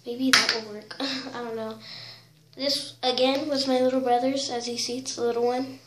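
A woman's voice: a little high, little pitch movement, normal speed. A young woman casually filming a craft tutorial, giggling, unsure of herself and often saying sorry. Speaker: vlogger. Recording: echoey room with loud noise.

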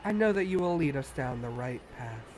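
A man voicing a gentle, reverent female tree spirit, reading game dialogue aloud in a slow, solemn manner. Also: medium pitch, animated, slight background noise, lightly acted, poor audio. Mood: pleading.

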